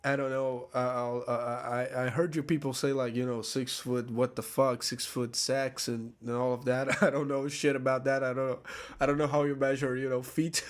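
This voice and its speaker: A man's voice: medium pitch, little pitch movement, moderate pace. A man telling a story to camera in a casual, rambling way, swearing often, laughing at himself and restarting his sentences. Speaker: vlogger.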